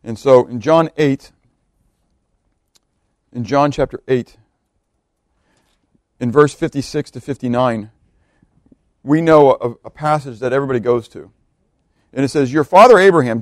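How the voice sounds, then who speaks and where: A man preaching a verse-by-verse sermon, reading scripture aloud, swelling on key words and dropping low, often asking his listeners questions. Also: darkish tone, dry recording, clean studio sound. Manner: emphatic, swells on key words then drops low, asks the congregation questions. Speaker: pastor.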